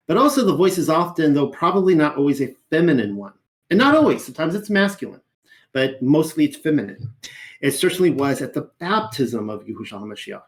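A man reading and commenting on scripture in a measured teaching voice, with wry, dryly humorous asides and a slower pace for quoted passages. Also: medium pitch.

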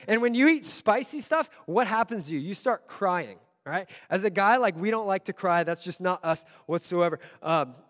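High-voiced man preaching in a reverberant hall. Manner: storytelling, builds from quiet to loud. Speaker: pastor. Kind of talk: sermon.

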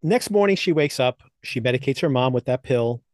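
A man co-hosts a podcast with an animated, fairly quick delivery in a mid-range voice with a darkish tone, recorded without echo. His casual TV episode recaps and reviews are loose and chatty, peppered with laughs and fillers.

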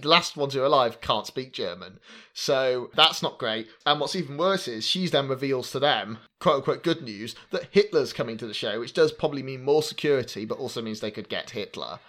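A man casually recapping a movie with friends, animated and laughing often. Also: mid-range voice. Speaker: podcast co-host.

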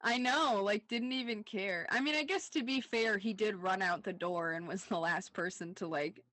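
A woman's voice: medium pitch, normal speed, fairly bright tone, dry recording. Giggly young woman recapping a show. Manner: laughs often, says "like" a lot, recaps scenes. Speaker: podcast co-host. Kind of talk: casual rewatch chat.

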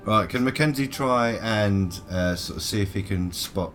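A man playing a tabletop game, with a gruff, blunt, curt way of talking. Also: fairly low pitch, moderate pace, a bit bright, soft background music. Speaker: player.

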